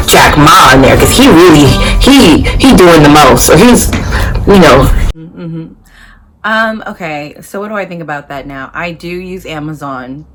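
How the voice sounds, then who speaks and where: A young woman vlogger chatting casually to her viewers, rambling through her thoughts with plenty of asides. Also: sits low. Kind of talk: casual chat to camera.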